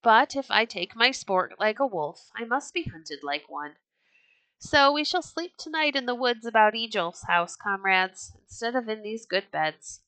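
A woman's voice: a little high, expressive, measured pace, sharp tone, dry recording, heavily acted, poor audio. A woman voicing a bold, hot-tempered red-bearded Viking chieftain in a storybook reading, with a hearty, declaiming manner.

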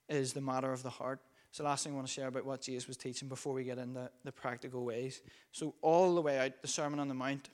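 A man preaches a sermon in a relaxed, conversational way, telling a story with frequent ums and uhs. His voice sits at a middle pitch and stays fairly flat throughout. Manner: conversational, many fillers while recounting a story.

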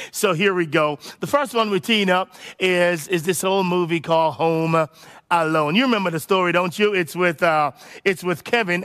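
A pastor with a high, light voice preaches in a lively, conversational way. He slips into playful voices to act out what his listeners might say, then drops back to earnest teaching. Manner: animated and conversational, acting out voices of the congregation. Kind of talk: sermon.

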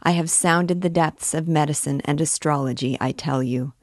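A woman's voice: deep voice, moderate pace, no echo, studio quality. A woman reading as a fiery, grandiose archdeacon. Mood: fervent. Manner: grandiose, declaiming. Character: fiery, proud male archdeacon alchemist, middle-aged.

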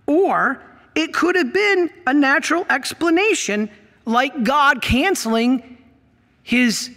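A middle-aged man preaching from the pulpit with an unusually high, bright and forceful voice. He presses his points hard and fires questions out at the congregation, and his words ring on in the long reverb of a church. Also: expressive, slow. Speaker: priest. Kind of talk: sermon.

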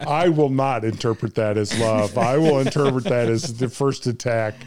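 A man's voice: mid-range voice, moderate pace, a little mellow. A man hosting a podcast, chatting casually, teasing and laughing often. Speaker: podcast host. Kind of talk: casual chat.

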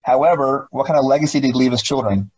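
A man's voice: mid-range voice, fast talker, a little mellow, breathy edge, low-quality recording. A middle-aged man, a former police officer, talking emphatically as an interview guest, often repeating himself and asking rhetorical questions. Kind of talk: interview conversation.

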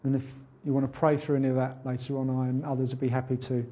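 A man's voice: mid-range voice, little pitch movement, fast, highs cut off. A man preaching a sermon in an earnest, conversational way. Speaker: pastor.

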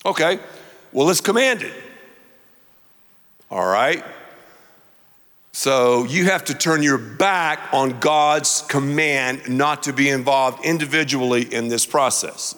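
A man's voice: medium pitch, slow pace, pauses often, fairly bright tone. A middle-aged man preaching a sermon as a pastor, emphatic and repeating words for effect. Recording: long hall reverb.

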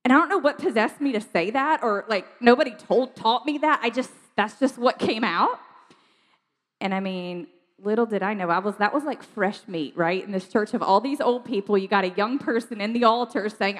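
A woman from South Georgia, telling a personal testimony in a chatty, animated way, laughing often. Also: fairly high pitch, normal speed. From South Georgia, USA. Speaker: speaker sharing testimony. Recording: long hall reverb.

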